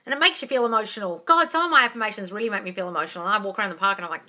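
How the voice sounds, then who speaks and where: A woman coaching viewers on manifesting during a casual live Q&A, blunt and full of swearing, calling everyone darling and swinging between loud excitement and low asides. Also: rapid-fire. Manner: blunt, swears freely, calls listeners darling. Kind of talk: casual live Q&A, reading out comments.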